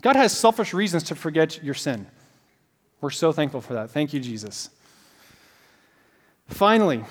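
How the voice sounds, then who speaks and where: A man with a high-pitched voice delivers a sermon. He tells stories in a loose, animated way, full of casual fillers. His voice rings out with long reverb, as if heard in a large hall. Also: normal speed, pauses often. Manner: animated storytelling with many fillers. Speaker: pastor.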